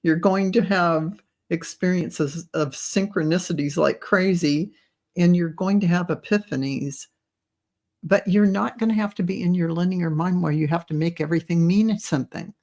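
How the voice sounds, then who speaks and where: Woman guest, low-ish pitch, loose, expressive, easy laugh, spiritual chat. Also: moderate pace. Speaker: guest channeler. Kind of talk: casual spiritual conversation.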